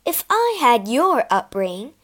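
A sullen young mare tells her sad story in a storybook, voiced by a woman. She speaks slowly and bitterly, her pitch rising and falling widely. The voice sits fairly high. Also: big pitch swings. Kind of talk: storybook reading.

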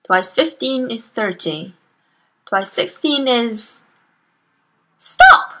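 A woman reading a children's novel aloud in a slow, careful storytelling manner. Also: medium pitch, animated, heavy background noise. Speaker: storybook reader.

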